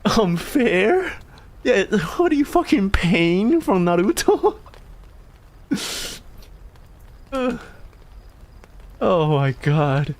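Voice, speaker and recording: Excitable, stammering man streamer, lively pitch. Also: drawn-out words, long pauses. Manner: excitable, swears a lot, stammers and repeats words. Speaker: streamer reading viewer submissions. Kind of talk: casual live-stream chat.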